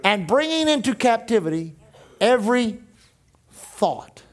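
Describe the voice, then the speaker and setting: A man's voice: very high voice, sing-song, a little slow, some chatter behind. A man in his sixties preaching a sermon as pastor, emphatic and full of repeated declarations.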